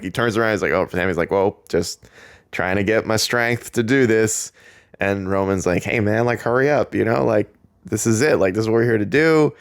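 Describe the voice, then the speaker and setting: A man hosting a podcast, excitedly recapping a wrestling segment in a chatty way, with lots of "like" and quick laughs. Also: on the low side, smooth, no room sound, studio quality. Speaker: podcast host.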